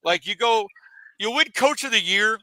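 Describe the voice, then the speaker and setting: A man's voice: high voice, expressive, moderate pace, bright, forceful tone, dry recording, poor audio. A man hosting a casual sports talk show, chatty and leading the discussion. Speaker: podcast host.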